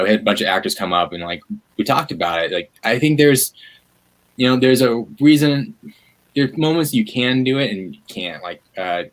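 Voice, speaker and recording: Guest man on a video call, low-pitched, lively and rambling, full of fillers. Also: low-quality recording. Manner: animated, rambling with many fillers. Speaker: guest, media activist. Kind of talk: livestream conversation.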